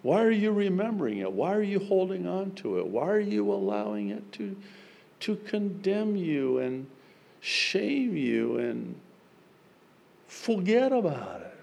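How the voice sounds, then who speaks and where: Male pastor, sermon, gravelly, unhurried delivery with dramatic swings. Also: high voice, sing-song. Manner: dramatic, swings from loud exclamations to hushed prayer. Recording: long reverb of a large hall.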